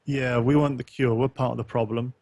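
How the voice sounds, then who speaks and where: A man's voice: mid-range voice, flat delivery, brisk, dark tone, no echo. Man, podcast co-host, casual rambling chat, wry asides, dry close mic. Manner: rambling, many ums, reads a post aloud with wry asides.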